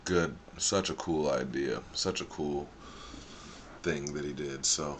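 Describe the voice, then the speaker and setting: Speaking slowly in a rumbling low voice, this live-stream host chats casually while a faint hiss or hum sits underneath. His slang-filled talk wanders off track as he thinks out loud.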